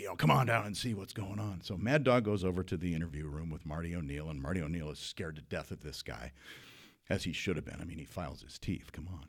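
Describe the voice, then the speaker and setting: A man from Minnesota telling a comic story in a lively, animated way. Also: on the low side. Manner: lively, animated telling with big swings in loudness.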